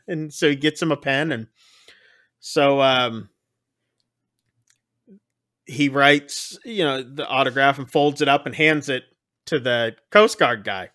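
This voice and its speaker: A man casually recapping a film on a podcast, acting out the lines with big jumps in pitch. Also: a little slow, long pauses, bright, forceful tone. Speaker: podcast co-host. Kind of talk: casual movie recap chat.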